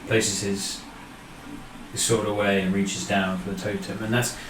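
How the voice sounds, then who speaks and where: Low-voiced game master in an echoey room. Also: male voice. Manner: relaxed, halting narration with many fillers. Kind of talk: narrating a tabletop game. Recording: echoey room, distant mic, background noise.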